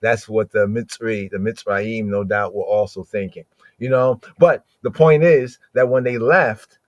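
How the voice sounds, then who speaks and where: A man's voice: fairly low pitch, unhurried, no echo, highs cut off. A man hosting a podcast, teaching scripture in a loose conversational way and repeating words for emphasis. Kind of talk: casual Bible teaching talk.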